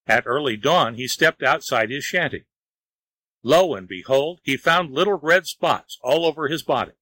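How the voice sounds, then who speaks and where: A man narrating a storybook tale in a measured, even reading voice. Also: mid-range voice, dry recording, poor audio.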